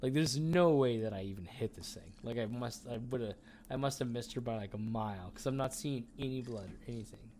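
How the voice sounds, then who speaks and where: A man's voice: mid-range voice, fairly quick, darkish tone, a little hiss or hum. Rambling, profane man telling a story. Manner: rambling, filler-heavy, profane. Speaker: podcast co-host. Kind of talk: casual chat, storytelling.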